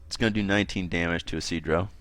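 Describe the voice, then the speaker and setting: Deep-voiced man running a tabletop game. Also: fairly even intonation, rapid-fire, fairly bright tone. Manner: casual, laughing often, thinking aloud with fillers. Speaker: game master.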